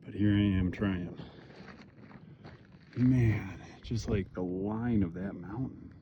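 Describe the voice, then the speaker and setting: A man's voice: lowish voice, takes it slowly, dull audio, a little hiss or hum. A young man from Michigan with a Michigan accent, out of breath and chatty as he vlogs a mountain hike, swearing and complaining about how hard it is. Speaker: vlogger. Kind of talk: hiking vlog narration. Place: outdoors on a mountain trail.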